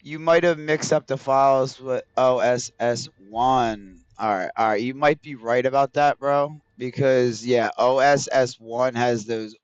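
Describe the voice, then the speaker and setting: A man's voice: medium pitch, steady tone, measured pace, hardly any pauses, smooth, no echo, highs cut off. A man streaming a video game, chatting casually with his viewers in a rambling, profane way. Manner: rambling, profane, talks straight to chat. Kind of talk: casual livestream chat with viewers.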